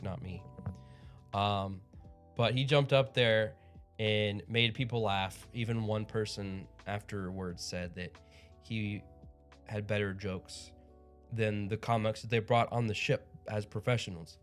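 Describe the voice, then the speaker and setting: A man hosting a livestream in casual chat, rambling and upbeat with frequent chuckles. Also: fairly low pitch. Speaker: livestream host.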